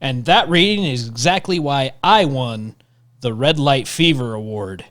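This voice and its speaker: A man's voice: medium pitch, animated, a little slow, very noisy. A man co-hosting a podcast in casual, playful chat who slips into a put-on Southern accent when he reads aloud. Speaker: podcast co-host.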